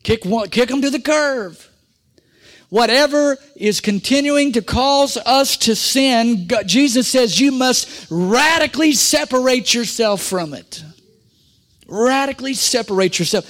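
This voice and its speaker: A middle-aged male pastor preaching a sermon, calling on the congregation for amens and swinging between loud pushes and quiet asides. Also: very high voice, expressive, a little slow.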